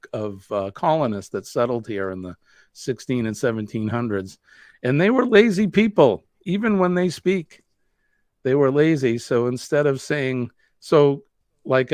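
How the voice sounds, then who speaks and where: A man's voice: medium pitch, no room sound. Boston guy hosting a live stream, rambly and chatty, dry close sound. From New England. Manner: rambling, chatty, reads viewer comments aloud. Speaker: host.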